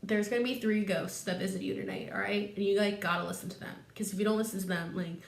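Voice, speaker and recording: A woman's voice: mid-range voice, fairly even intonation, quick pace, creaky, close to an everyday voice. A woman voicing a dead man's chained ghost as a laid-back, slangy bro, talking in a lazy drawl. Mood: whiny. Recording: echoey room.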